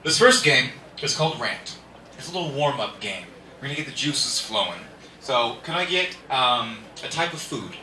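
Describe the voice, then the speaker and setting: A man hosting and performing live improv comedy, ranting with big shouted punchlines. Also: medium pitch, expressive, normal speed. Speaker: improv host. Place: comedy venue with audience. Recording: echoey room from far off, faint noise.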